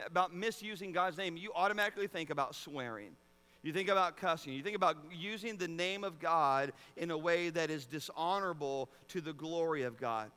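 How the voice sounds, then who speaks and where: Pastor, male, high bright voice, earnest preaching with loud emphatic swells; large reverberant sanctuary. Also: clear, resonant tone. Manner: earnest preaching, repeats words, rises to loud emphatic peaks. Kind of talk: sermon. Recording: long reverb of a large hall.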